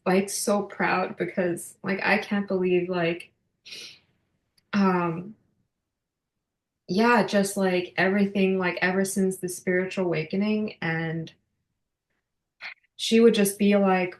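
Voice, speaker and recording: A woman's voice: fairly low pitch, little pitch movement, slow, pauses often. Emotional woman in her thirties, echoey room. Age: 30s. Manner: emotional, many fillers and restarts. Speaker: podcast guest. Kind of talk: casual heartfelt interview talk.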